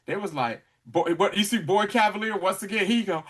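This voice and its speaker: A man chatting casually on a podcast, telling an episode's story with acted-out character lines and frequent laughs. His voice sits a bit high and swings widely in pitch. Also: lively intonation, brisk, few pauses, fairly bright tone. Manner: laughs often while talking. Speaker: podcast co-host. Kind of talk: casual recap chat.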